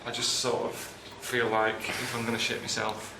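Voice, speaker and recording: A man giving grumbling, deadpan travel commentary outdoors, moaning and complaining as he goes. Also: fairly low pitch, moderate pace, creaky, background noise. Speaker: traveling presenter.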